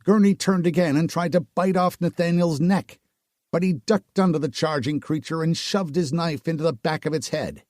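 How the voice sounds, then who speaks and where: A man reading a dark fantasy audiobook aloud in slow, dramatic storytelling. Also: fairly high pitch, no echo, clean studio sound. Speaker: audiobook narrator. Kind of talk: scripted narration.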